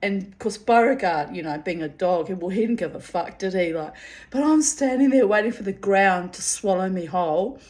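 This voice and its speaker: A woman's voice: medium pitch, animated, moderate pace, darkish tone. A woman telling a personal story in a casual, candid way, often breaking into giggles and swearing freely. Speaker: storyteller reading her own diary.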